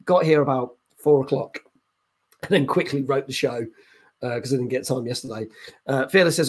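Middle-aged male stream host, husky tone, quiet and chatty, hotel-room live show. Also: mid-range voice. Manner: deliberately quiet, chatty, reading out chat messages. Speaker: gaming podcast host. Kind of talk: live-stream chat greeting viewers.

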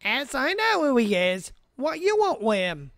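A man's voice: very high voice, sing-song, a little slow, a bit bright, dry recording, clean studio sound, full character voice. A man voicing a senile, muddled old village secretary who speaks in garbled grammar.

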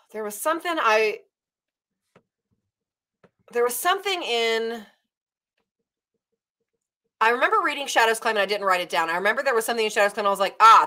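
In a bright, forceful, mid-range voice, a young woman from Nashville, Tennessee, hosts a casual book club chat. Her Southern American accent colors a rambling story retelling packed with fillers.

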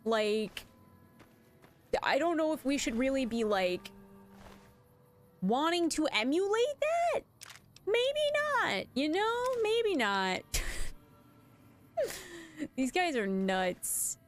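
A woman's voice: high-pitched, very animated, drawn-out words, pauses often, faint music behind. A woman streamer chatting casually over her gameplay. She is playful and sarcastic and laughs often. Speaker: streamer playing a video game.

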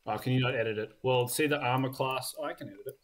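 A man's voice: mid-range voice, a bit bright. A man running a tabletop game as game master, narrating casually with lots of fillers. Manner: casual, filler-heavy, quick bursts.

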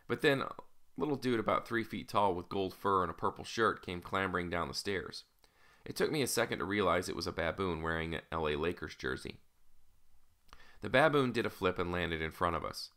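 A man's voice: low voice, sharp tone. A man narrating an audiobook in the first person, in a casual, wry storytelling manner.

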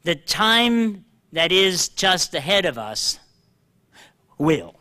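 An older man preaching a sermon, animated and joking at himself, slowing down to read scripture aloud. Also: sits high. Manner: animated, self-deprecating, reads scripture slowly. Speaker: pastor. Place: church hall.

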